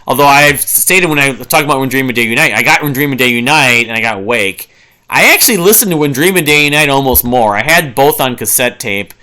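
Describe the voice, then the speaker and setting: Man, forties, music reviewer; bright, forward tone, rambling and enthusiastic, hums riffs. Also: medium pitch, animated, fairly quick. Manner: rambling and enthusiastic, many fillers and restarts; hums and sings riffs to illustrate. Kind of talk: casual album review monologue.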